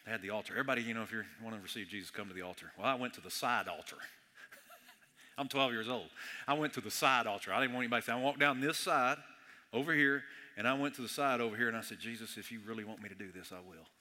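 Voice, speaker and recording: Man, preacher, sermon, very bright edgy tone, conversational and joking, long church reverb. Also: mid-range voice, fast talker. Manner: conversational and joking, swinging from hushed to loud. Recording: echoey hall reverb.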